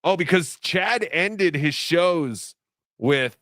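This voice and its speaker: Lively, slightly high male co-host. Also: moderate pace, dry recording, clean studio sound. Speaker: podcast co-host. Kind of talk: casual reaction chat.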